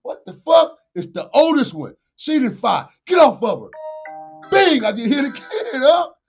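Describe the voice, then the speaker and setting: A man, a podcast guest telling a street story with profanity, acted-out dialogue and shouted sound effects. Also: extremely high pitch, very animated, unhurried, husky, faint music behind. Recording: dull lo-fi podcast audio.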